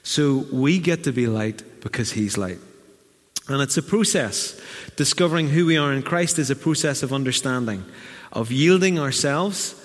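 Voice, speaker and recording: Pastor preaching in reverb. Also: male voice, medium pitch, animated, moderate pace. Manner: earnest preaching with vivid acted asides. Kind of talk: sermon. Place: church hall. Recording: long reverb of a church hall.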